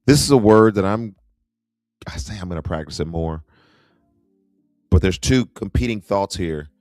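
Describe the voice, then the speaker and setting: Deep-voiced middle-aged man hosting. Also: animated, normal speed, a little mellow, dry recording, faint music behind. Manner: chatty, wry asides, reacts to clips. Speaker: host. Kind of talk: casual livestream commentary.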